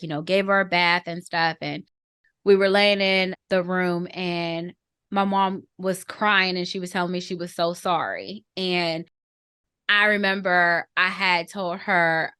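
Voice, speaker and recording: A woman in her thirties with a voice on the low side and a clean tone tells a personal family story during a podcast conversation, captured in a dry, clean studio recording. She stays reflective and earnest, frequently slowing to find words, keeping emotion in check and softening at tender moments.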